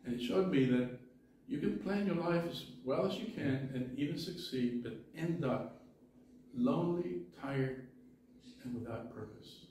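A man's voice: on the high side, a little mellow, a little hiss or hum. A male pastor preaching a sermon in an earnest way, often restarting his words. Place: church sanctuary. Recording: echoey church from far off.

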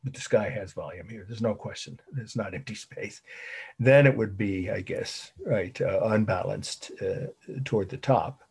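A man's voice: fairly low pitch, normal speed, gravelly, darkish tone, breathy edge. A middle-aged man giving a conversational art history lecture, often repeating words and chuckling at his own asides. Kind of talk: classroom lecture.

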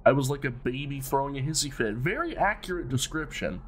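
A man's voice: medium pitch, expressive, a little fast. A man commentating casually on a horror game, reading its dialogue aloud and joking with lots of swearing. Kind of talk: casual let's play commentary.

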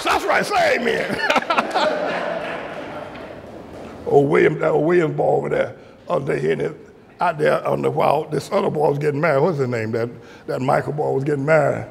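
Fiery older preacher in an echoey church hall. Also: male voice, fairly high pitch, lively intonation, moderate pace, creaky, long pauses, some chatter behind, a little hiss or hum. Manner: fiery preaching with laughter and shouted peaks. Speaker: pastor. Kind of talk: sermon.

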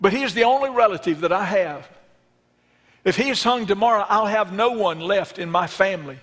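A man's voice: sits high, fairly quick, fairly bright tone. A male preacher voicing a grieving mother who pleads for her son's life, in an earnest storytelling manner. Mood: pleading. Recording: long reverb in a church sanctuary.

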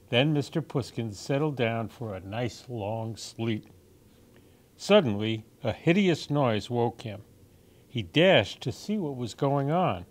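A man reading picture books aloud for children in a gentle, expressive storytime manner. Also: medium pitch, unhurried. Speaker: storytime reader.

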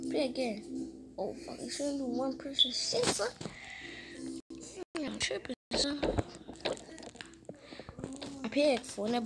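A woman giving casual, excitable commentary while playing a mobile game, swearing often and putting herself down. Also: high voice, very noisy. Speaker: gamer. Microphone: phone. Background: loud music.

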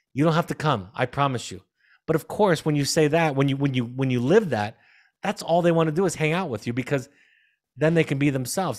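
A man in his fifties, a parenting expert, telling a gentle, reflective story during a video call Q&A. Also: medium pitch. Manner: reflective, gentle, with frequent restarts. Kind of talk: storytelling answer in a Q&A.

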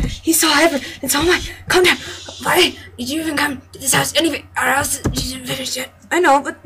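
A woman's voice: high voice, steady tone, fairly quick, hardly any pauses, fairly bright tone, a little hiss or hum. A woman playing through a game and reading its dialogue aloud with melodramatic voices, laughing between lines. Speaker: let's play gamer voicing game dialogue. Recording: game music playing behind.

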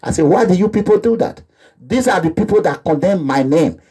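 A man's voice: sits high, expressive, a little fast, warm tone, husky. A man with a Nigerian accent delivering an impassioned, repetitive monologue that slips into pidgin phrases. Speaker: activist vlogger. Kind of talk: animated monologue.

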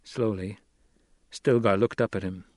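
A man reading scripted audiobook narration in a measured, even storytelling manner. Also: lowish voice, no room sound, studio quality.

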